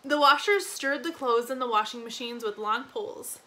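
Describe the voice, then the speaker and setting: A woman reading a novel aloud in an expressive storybook narration. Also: fairly high pitch, moderate pace, low-quality recording. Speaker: reader.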